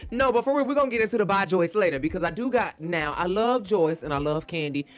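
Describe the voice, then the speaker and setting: A man co-hosting a podcast, recapping a reality show in a sassy, animated, campy manner. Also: sits high, quick pace. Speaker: podcast co-host. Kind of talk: casual reality TV recap chat.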